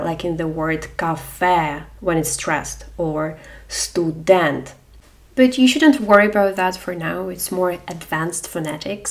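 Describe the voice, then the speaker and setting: A woman with a Ukrainian accent teaching a beginner language lesson, repeating words slowly and clearly for learners. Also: fairly low pitch, far from the mic.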